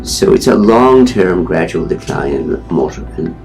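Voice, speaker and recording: Deep gravelly doctor explaining a disease. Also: male voice, big pitch swings, over music. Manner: measured, explanatory. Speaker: physician.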